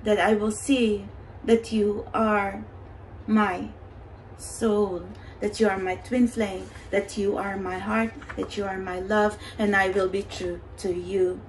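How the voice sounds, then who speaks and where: A woman voicing a remorseful, tender male twin flame who apologizes and makes soft, slow vows. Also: mid-range voice, flat delivery, recorded from a distance, a little hiss or hum, pitched below the performer's own voice, natural voice, rough recording.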